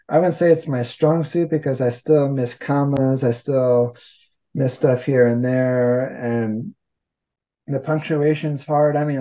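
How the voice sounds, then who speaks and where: A man's voice: a little high, lo-fi sound. A man talking casually as an interview guest, rambling and poking fun at himself. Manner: rambling, self-deprecating humor. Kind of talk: casual conversation.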